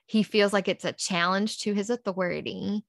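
A woman's voice: medium pitch, moderate pace, creaky, no room sound, studio quality. A woman, a podcast guest, earnestly recounting a personal story and acting out past conversations in quotes.

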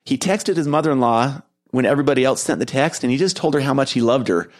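A middle-aged man hosting a podcast, telling a reflective story in an earnest, gentle way with soft laughs. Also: medium pitch, expressive, quick pace. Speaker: podcast host and keynote speaker.

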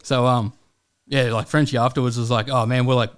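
Brief: young Australian man, quick casual storyteller, heavy swearing. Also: mid-range voice, little pitch movement. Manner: rambling, swears a lot, acts out quotes. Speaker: guest comedian. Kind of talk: casual podcast chat.

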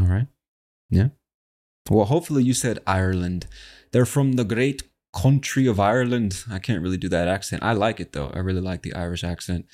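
A man's voice: low-pitched, a little mellow. A man hosting a casual English-learning podcast in a laid-back, chatty way, swearing now and then. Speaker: podcast host, English teacher.

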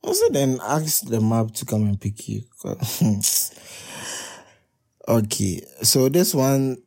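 Young man, podcast host, unhurried delivery, swooping animated pitch, frequent loud laughter. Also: vocal fry. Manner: breaks into loud high laughter often. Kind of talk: casual reaction commentary reading text messages.

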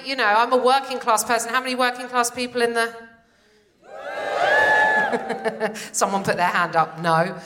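A woman's voice: fairly high pitch, background noise. A British woman in her forties doing a sardonic, punchy stand-up set. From Britain. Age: 40s. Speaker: stand-up comedian. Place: theatre stage with live audience. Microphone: stage microphone.

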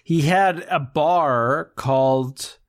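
A drunk man co-hosting a podcast, talking in a slow, giggly, meandering way. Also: a little high. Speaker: podcast co-host and editor. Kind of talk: casual film-review chat.

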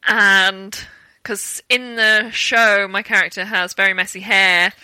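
Young british woman, bright crisp tone, dry close sound, lively storyteller. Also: medium pitch, slow, dry recording. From Britain. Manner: animated storytelling with acted-out quotes and laughter. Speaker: guest, actor. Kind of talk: casual interview chat.

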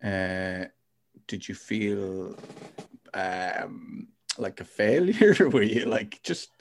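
Guy hosting a podcast, asks soft hesitant questions, bit fumbly. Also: fairly low pitch, extremely slow. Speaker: podcast host. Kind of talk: casual interview chat.

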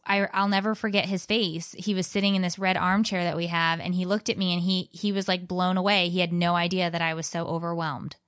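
Frank, animated woman, dry sound. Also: fairly low pitch, fairly quick, few pauses, no room sound. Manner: frank, animated, many restarts. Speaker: podcast guest, blogger and author. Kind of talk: candid personal storytelling.

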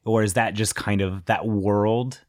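Low-voiced man hosting a chatty podcast. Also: steady tone, measured pace, no room sound, studio quality. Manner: chatty and enthusiastic, with frequent fillers. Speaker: podcast host. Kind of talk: casual chat, reading listener emails aloud.

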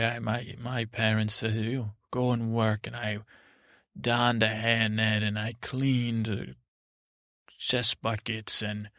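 A man voicing an earnest self-made man who slowly and reflectively recalls a hard, poor youth in a bedtime story. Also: lowish voice, sharp tone, no room sound, clean studio sound.

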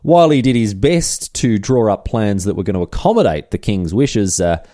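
A man's voice: on the low side, big pitch swings, moderate pace, warm tone, no echo, clean studio sound. A man hosting a comedic history podcast, telling the story with chatty, irreverent asides and casual swearing. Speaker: podcast host.

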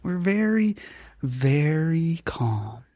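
A man puts on a serene, devout mother's voice, slow and sing-song. The voice is lifted higher and melodic, with a husky edge. The room sound is dry. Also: big pitch swings, warm tone, no room sound, heavily acted. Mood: sing-song calm. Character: sing-songy calm devout mother, impression.

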